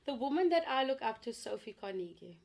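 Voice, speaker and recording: A woman's voice: a little high, very animated, fast talker, gravelly, darkish tone. A woman, a photographer and radio host, talking earnestly as an interview guest and repeating words as she goes. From South Africa. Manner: earnest, talks in long run-on stretches with repeated words. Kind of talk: casual conversation.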